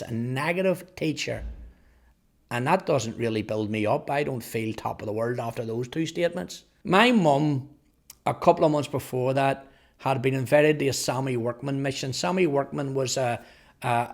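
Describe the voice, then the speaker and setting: A man in his fifties with a Northern Irish accent, earnestly telling his life testimony, halting at times over repeated words. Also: medium pitch, vocal fry. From Northern Ireland. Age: 50s. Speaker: testimony speaker. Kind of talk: personal testimony storytelling.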